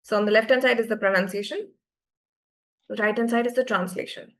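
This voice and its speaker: A woman's voice: medium pitch, steady tone, brisk, a bit bright. A woman from India teaching a live beginner French class, patiently repeating words for students to echo.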